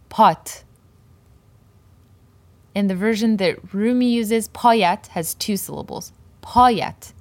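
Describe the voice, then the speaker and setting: A woman teaching a language lesson, explaining a poem's words slowly and carefully and repeating each term for learners. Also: lowish voice, dry recording. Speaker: Persian language and poetry teacher.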